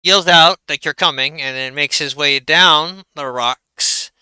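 A man's voice: on the high side, measured pace, bright, forceful tone, clear, resonant tone, no room sound, rough recording. A man narrating as game master of a tabletop game, chatty and loose with plenty of fillers.

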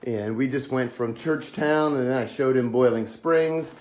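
This small-town Pennsylvania pastor has a mid-range voice that is a little slow and a little mellow. He walks and talks into a handheld camera for a casual vlog, mocking himself and joking around. The tour begins outside on the church grounds and then heads inside the sanctuary.

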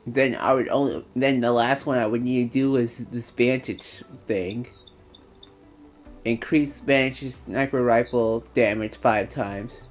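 A man's voice: medium pitch, unhurried, soft background music. Laid-back man chatting mid-game. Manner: relaxed, rambling, with fillers and self-corrections. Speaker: streamer playing a shooter game. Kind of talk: casual chat while gaming.

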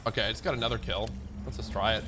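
A young man streaming a game, talking fast and excitably while joking with a friend. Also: lowish voice, background noise. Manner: excitable, rapid-fire, joking. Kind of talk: casual gaming chat.

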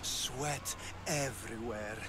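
A man's voice: mid-range voice, noisy background, lightly acted. An actor playing a flirtatious, foppish male Athenian companion who makes teasing, suggestive remarks in a video game. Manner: teasing, suggestive, drawn-out innuendo.

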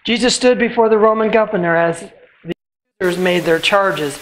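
A church reader giving a measured, solemn reading of scripture at a worship service, slowing at the ends of phrases. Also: medium pitch, poor audio.

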